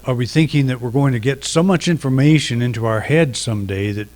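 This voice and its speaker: Unhurried man giving a reflective sermon. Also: medium pitch, a little mellow. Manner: reflective, unhurried, with pauses and restarts. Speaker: minister.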